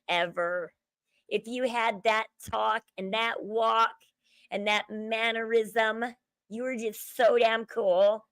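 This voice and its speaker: A woman with a Southern accent chats to her livestream viewers in a loose valley-girl manner. Her voice sits a little high with a gravelly fry at the ends of phrases. The sound is dry and close. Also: a bit bright, dry recording, poor audio. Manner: chatty, sensitive, valley-girl talk. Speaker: livestream host. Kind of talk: casual livestream chat.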